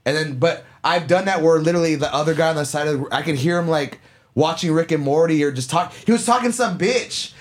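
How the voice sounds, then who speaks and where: A young man with a slightly raised pitch chats casually, circling through fillers and restarts as he talks. He laughs often and keeps an easygoing, offhand manner. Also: fairly even intonation, fast. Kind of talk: casual chat.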